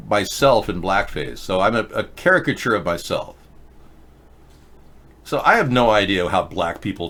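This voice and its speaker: A man with a somewhat low, slightly bright voice hosts a live-stream show, offering casual commentary. He rambles sarcastically and keeps interrupting and restarting himself.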